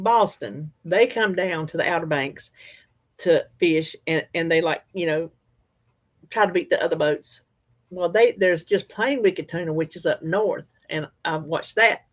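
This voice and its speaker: A woman's voice: lowish voice, unhurried. A Southern woman hosting a livestream, chatting casually in a folksy, easygoing way and talking back to viewer comments. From North Carolina, US. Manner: folksy, chatty, laughs easily. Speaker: livestream host.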